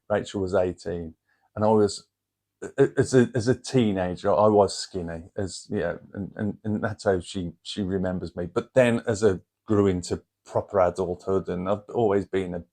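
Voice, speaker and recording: Chatty Brummie man, lowish voice. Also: darkish tone. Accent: Birmingham (Brummie). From England. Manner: chatty, rambling, down-to-earth. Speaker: channel host. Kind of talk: casual chat to camera.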